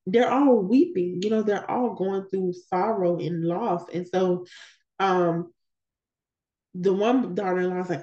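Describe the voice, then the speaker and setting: A woman leads a Bible study in a relaxed, conversational way and drives her points home by repeating key words. Her voice sits a little low and sounds warm and mellow. The recording is dull and lo-fi. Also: moderate pace. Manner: conversational, with emphatic repetitions. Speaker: women's Bible study leader. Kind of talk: scripture reading with casual commentary.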